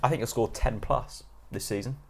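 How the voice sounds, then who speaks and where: A man's voice: medium pitch, moderate pace, gravelly. A man co-hosting a casual football podcast, easygoing, with short agreeing replies. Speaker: podcast co-host.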